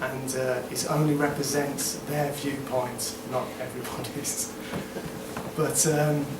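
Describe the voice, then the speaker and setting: Man, slow deliberate spoken word poet, roomy venue, distant mic. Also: mid-range voice, flat delivery, very noisy. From Birmingham, England. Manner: slow, deliberate, sardonic delivery with hesitant asides between poems. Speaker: performance poet. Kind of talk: spoken word poetry performance. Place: live performance venue, indoors. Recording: echoey room, distant mic, faint ambience.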